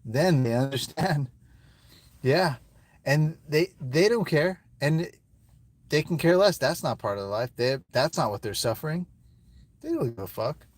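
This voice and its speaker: A man's voice: fairly high pitch, lively intonation, a little slow, pauses often, no echo. A man talking casually to viewers on a live stream from his phone, rambling and emotional and swearing often, seemingly from inside a car.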